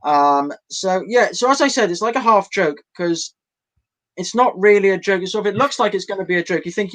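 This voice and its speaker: A young man tells a rambling stand-up bit in a slightly high voice, wandering off course and mocking himself. He talks from home into a mic for an online show, with plenty of ums and restarts. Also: a little fast, fairly bright tone, low-quality recording. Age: young adult. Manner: meandering, self-deprecating, full of fillers. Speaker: stand-up comedian.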